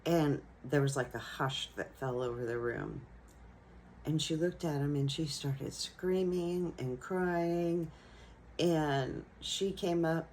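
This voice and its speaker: A woman who teaches young children, telling a personal classroom story in a gentle, reflective way. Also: sits low, slow, slight background noise, rough recording. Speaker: elementary school teacher.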